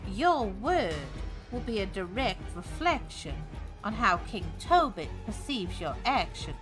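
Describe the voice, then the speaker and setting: Casting: a woman as a prim, menacing gentleman emissary, slow, lively pitch. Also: music in the background. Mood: formal. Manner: pompous, precise and ominous. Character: formal, lawful man serving a dark king.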